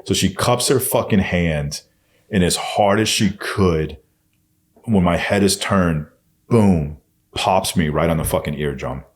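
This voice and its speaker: A man with a low voice takes his time telling his own story on a podcast as a guest. He is blunt and swears heavily, and the retelling is candid and intense.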